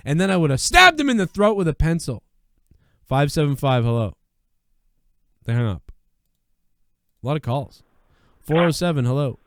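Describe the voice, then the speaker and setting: A man's voice: mid-range voice, big pitch swings, fairly quick, long pauses, fairly bright tone, no room sound, clean studio sound. A man hosting a call-in show, chatting casually with loose, profane storytelling and repeated phrases.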